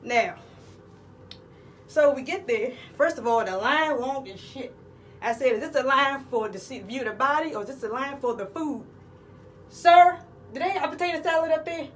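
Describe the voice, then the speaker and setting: A woman's voice: on the high side, animated, moderate pace, a bit bright, distant mic, a little hiss or hum, low-quality recording. Brash profane woman telling a story. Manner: brash, crude, rambling. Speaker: comedic vlogger. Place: outdoors in the cold.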